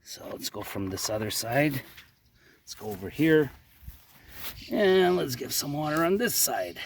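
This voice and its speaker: Recorded with a little hiss or hum, a Canadian vlogger talks through his day at his garden plot outdoors. His medium-pitched voice has lively intonation and an unhurried pace, and his explanations are chatty and rambling.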